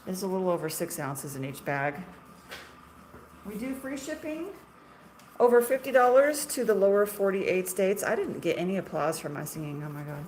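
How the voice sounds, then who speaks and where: A woman's voice: mid-range voice, lively intonation, normal speed, darkish tone, a little hiss or hum. A middle-aged woman, a shop owner, chatting casually on a livestream in a chatty, self-deprecating way and laughing often.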